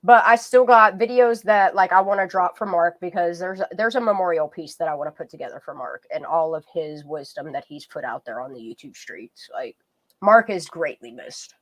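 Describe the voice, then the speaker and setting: A woman's voice: on the low side, moderate pace. A woman hosting a casual livestream, talking loosely and swearing freely. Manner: loose, profane, chatty. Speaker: livestream host. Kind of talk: casual live-stream chat.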